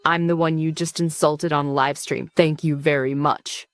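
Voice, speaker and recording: A woman's voice: low voice, steady tone, moderate pace, dry recording, pitched below the performer's own voice. A woman voicing a cocky young male villain who mocks his foes with sarcastic, teasing lines. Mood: smug.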